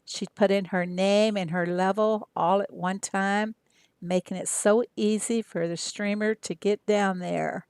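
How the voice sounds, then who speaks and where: An older woman from Arkansas, chatting casually with viewers on her game livestream in an unhurried way with lots of fillers. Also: medium pitch, steady tone, darkish tone, clean tone, no echo, studio quality. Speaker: game streamer.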